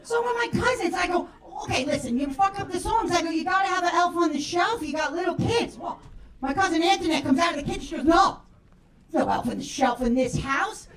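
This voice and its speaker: On a comedy club stage, this high-voiced female comedian delivers a brash, profane set, performing the voices of people she quotes. Her delivery is animated, fairly quick and a bit bright, heard from afar in the club's roomy acoustics along with the crowd.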